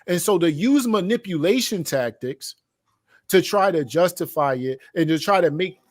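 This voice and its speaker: A man with a fairly high voice reads quoted passages aloud and breaks in with emphatic rhetorical questions. He speaks as the host of a reaction commentary show. The sound is dry and close, with no room around it. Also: lively intonation, normal speed, no echo. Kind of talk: commentary reading from a document.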